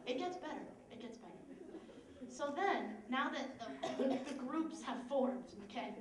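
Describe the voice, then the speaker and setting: Young female stand-up comic, high, sarcastic and animated, distant roomy mic with a loud audience. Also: measured pace, a crowd in the background. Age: young adult. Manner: animated, sarcastic, laughs often. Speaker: stand-up comedian. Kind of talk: stand-up storytelling. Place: live comedy stage.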